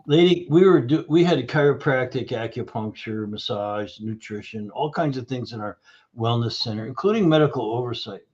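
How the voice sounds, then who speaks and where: Male podcast guest, storyteller, mid pitch, slightly dull recording. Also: moderate pace. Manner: animated storyteller acting out dialogue. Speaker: guest, nutrition practitioner. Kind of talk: storytelling interview answer.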